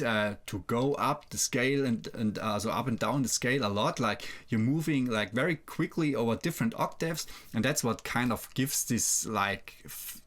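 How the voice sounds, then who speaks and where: Man of middling pitch walking through synth layering, halting and filler-heavy. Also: fairly bright tone. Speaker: music producer teaching. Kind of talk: screen-share production tutorial.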